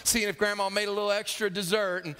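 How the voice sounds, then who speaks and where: A man's voice: high-pitched, fast talker, smooth, in a large hall. A man preaching a sermon, acting out characters' voices as he tells stories. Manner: animated storytelling, acting out voices. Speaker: pastor.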